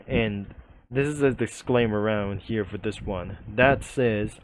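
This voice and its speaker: A man's voice: lowish voice, slow. A man casually narrating a comic, rambling and stumbling over his words.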